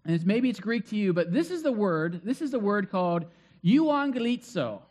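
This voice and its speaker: A man's voice: high voice, very animated, a little fast, a little mellow. A middle-aged man preaching a sermon as pastor, in a conversational way with frequent fillers and joking asides. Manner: conversational, self-deprecating asides, many fillers.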